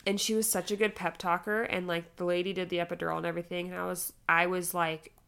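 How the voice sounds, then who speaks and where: A young woman co-hosting a podcast in casual chat, telling a story with lively, acted-out quotes that jump up in pitch. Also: fast, gravelly, clean tone. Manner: animated storytelling, acting out quoted lines in a raised voice. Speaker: podcast co-host.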